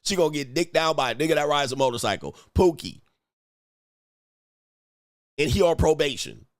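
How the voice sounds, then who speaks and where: A man hosting a relationship reaction show, talking in animated, slangy casual commentary and mocking others in put-on voices. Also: a little high, moderate pace, no room sound, clean studio sound.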